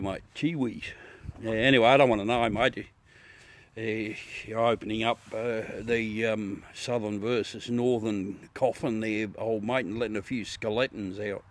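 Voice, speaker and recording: An Australian man hosting a casual live chat with viewers from his backyard at night, swearing freely and laughing often. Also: on the low side. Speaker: livestream host.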